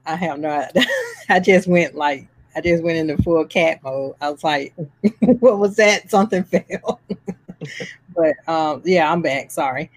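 A podcast co-host chats about old films at a slow, unhurried pace, easygoing and quick to laugh. The recording is dry and close to the mic. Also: medium pitch, steady tone, no echo. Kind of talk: casual film chat.

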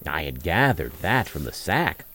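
A man's voice: sing-song, unhurried, sharp tone, faint music behind, full character voice. A man voicing a naive, cheerful young swineherd with a raised, trusting voice. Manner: beaming and trusting, higher voice.

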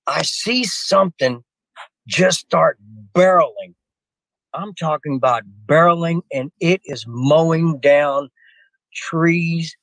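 A man's voice: on the high side, fairly bright tone, no room sound, low-quality recording. An older man telling a personal story to a host in a rambling way. He often restarts his sentences and keeps turning to the host by name. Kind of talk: rambling spoken anecdote.

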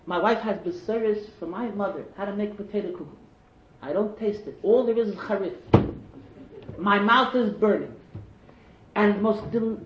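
A man preaching a sermon through stories, animated and climbing to shouted emphasis. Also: high voice, slight background noise. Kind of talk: sermon storytelling. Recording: echoey and dull lo-fi.

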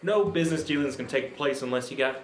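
A man's voice: medium pitch, fast, reverberant, faint music behind, voice pushed up, natural voice. A man voicing a brash, cheery male clown in a tabletop game, talking in a folksy, boisterous way.

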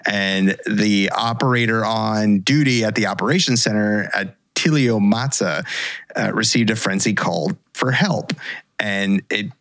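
A man's voice: on the low side, a bit bright, dry recording. Man telling a story with many fillers. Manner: halting, many fillers, laughs along. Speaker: storyteller host. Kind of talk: casual podcast storytelling.

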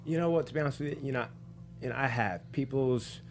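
A man chatting casually as a guest, telling lively stories and acting out the voices in them, stumbling over his words when excited. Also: medium pitch, quick pace, slight background noise. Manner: animated storyteller, acts out voices in anecdotes. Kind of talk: casual podcast chat, storytelling.

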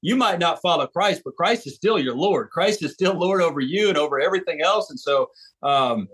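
Earnest American man, fairly high voice. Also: lively intonation, brisk, a bit bright, breathy edge. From United States. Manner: earnest, emphatic, with frequent restarts. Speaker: author and street preacher. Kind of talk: podcast interview conversation.

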